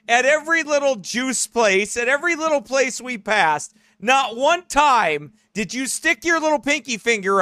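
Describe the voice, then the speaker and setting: A man teasing a friend in casual, joking banter, playful and animated. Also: extremely high pitch, clean tone, no echo, clean studio sound.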